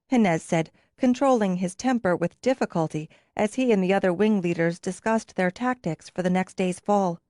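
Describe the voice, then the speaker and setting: A woman narrating a fantasy audiobook in a steady, expressive storytelling manner. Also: mid-range voice, moderate pace, few pauses, dry recording, studio quality. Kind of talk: scripted narration.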